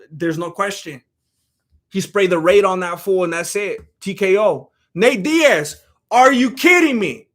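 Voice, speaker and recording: A man's voice: very high voice, fairly bright tone. A young man giving casual, slangy fight commentary as a channel host, repeating himself as he works up to his points. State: throat giving out. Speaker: YouTube MMA commentator. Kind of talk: casual commentary reading chat.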